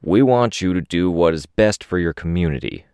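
A man voicing a calm, persuasive police officer who speaks in a measured way. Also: low voice, clear, resonant tone, no echo, studio quality.

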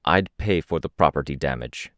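A man's voice: rumbling low, lively intonation, normal speed, fairly bright tone, no room sound, clean studio sound. A man voicing a hulking, impatient masked man who talks in a growl. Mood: impatient, gruff.

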